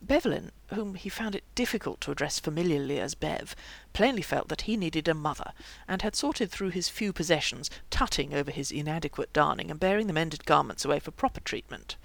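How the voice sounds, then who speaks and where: A narrator reading a fantasy novel aloud in a lively, expressive way. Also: medium pitch, fairly quick, vocal fry, hardly any pauses, dry recording. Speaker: audiobook narrator. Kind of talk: audiobook narration.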